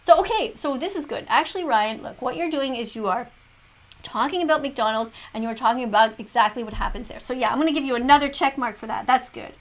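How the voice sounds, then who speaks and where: High-voiced woman lecturing like a teacher. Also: fast talker. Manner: lecturing, moralizing, grades with check marks. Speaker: teacher reacting to a parody video. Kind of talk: reaction commentary in mock-classroom style.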